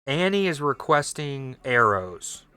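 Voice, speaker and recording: A man's voice: medium pitch, sing-song, slow pace, bright, forceful tone, clear, resonant tone, dry recording. A young man streaming a mobile game, chatting casually and joking with his viewers as he plays. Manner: playful, jokey, reads chat aloud. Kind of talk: casual gaming stream chat.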